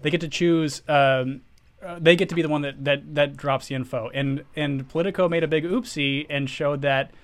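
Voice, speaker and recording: A man's voice: fairly high pitch, steady tone, moderate pace. A man co-hosting a casual podcast, ranting heatedly about politics with profanity and frequent restarts. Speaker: podcast co-host.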